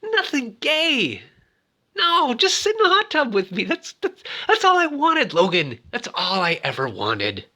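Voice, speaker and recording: A man's voice: very high voice, wildly swooping pitch, a little slow, sharp tone, pitched above the performer's own voice, full character voice. A man voicing a jealous male cop buddy who accuses and pleads in a whiny, overblown way. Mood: pleading.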